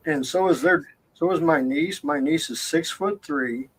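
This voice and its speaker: A man with a slightly higher voice chats casually about his family. He stresses his points emphatically. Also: unhurried, husky, rough recording. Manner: chatty, emphatic storyteller. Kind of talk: casual chat.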